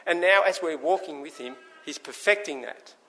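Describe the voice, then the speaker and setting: A male preacher delivers a sermon in a bright, slightly high voice. He tells stories in an animated way and acts out the people in them. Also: normal speed.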